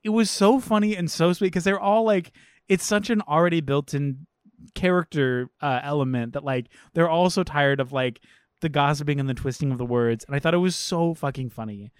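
A man's voice: fairly high pitch, fairly quick, smooth, no echo, studio quality. A man co-hosting a casual movie podcast, chatty, full of "like," swearing freely. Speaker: podcast co-host.

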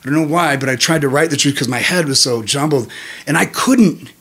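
Brisk and fairly high-pitched, a man in his thirties swaps stories on a podcast, swearing, laughing and animated as he tells them in casual talk.

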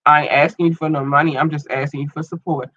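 A man hosting a podcast and online radio show, rambling casually and slangily through listener shout-outs while his eye is irritated and tearing up. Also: a little high, fairly even intonation, fast talker, dry recording, dull audio. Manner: loose, rambling, slangy, repeats himself.

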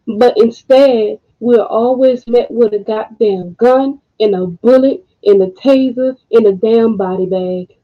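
Slow-talking frustrated woman podcaster. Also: a little high. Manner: emotional, frustrated, with slow deliberate pauses. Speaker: podcast host. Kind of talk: casual monologue podcast. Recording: dull lo-fi audio.

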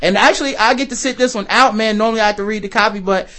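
A young man hosting a podcast in casual chat, laid-back and quick to laugh. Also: high-pitched, sharp tone. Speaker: podcast host.

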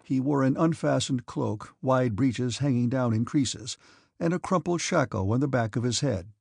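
A man giving a steady, measured audiobook narration of a classic novel. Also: medium pitch, vocal fry, slightly rough, no room sound, studio quality. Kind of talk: scripted narration.

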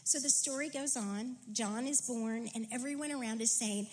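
Woman, preacher, scripture reading, earnest, reflective, fairly high voice. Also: normal speed, a little mellow, low-quality recording.

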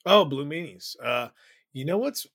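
A comedian from the Chicago suburbs, chatting as a podcast guest in a rambling, laughing, self-deprecating way. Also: male voice, a little high, animated, measured pace, a bit bright, no room sound, studio quality. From Chicago suburbs, USA. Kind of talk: casual storytelling chat.

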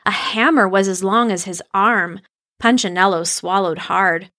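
Expressive woman reading a storybook aloud. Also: medium pitch, unhurried, dry recording, studio quality. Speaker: narrator.

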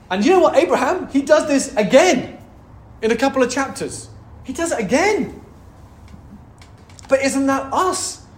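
High-voiced man preaching in a roomy hall. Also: slight background noise. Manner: passionate, conversational preaching with asides. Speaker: pastor. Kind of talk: sermon. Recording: roomy echo.

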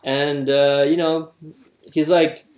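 A man's voice: on the high side, little pitch movement, slow pace, a little mellow, roomy sound. A man co-hosting a podcast, rambling and laughing as he chats casually and tries out impressions. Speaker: podcast co-host. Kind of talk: casual chat.

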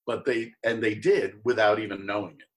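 A middle-aged man, an actor as a guest, casually telling an anecdote and acting out the people in it with jumps up in pitch. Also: fairly quick. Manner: animated storyteller who acts out quoted voices in a higher pitch.

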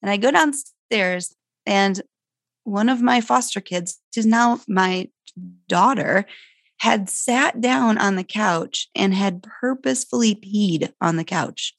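A woman's voice: medium pitch, takes it slowly, no echo, clean studio sound. Candid middle-aged woman telling a story. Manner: candid, animated, rising sharply when excited. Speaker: guest, foster mother. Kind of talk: personal storytelling.

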